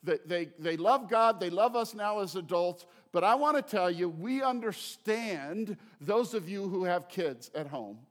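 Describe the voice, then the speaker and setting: A man's voice: high voice, expressive, unhurried, few pauses. A middle-aged man preaching a sermon as pastor, in a conversational, joking way with repeated phrases. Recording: long hall reverb.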